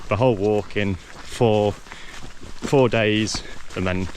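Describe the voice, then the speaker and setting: Walking an outdoor trail, this vlogger chats in a lowish, slightly mellow voice at a slow pace. His easygoing commentary is peppered with ums and false starts, with slight background noise behind him.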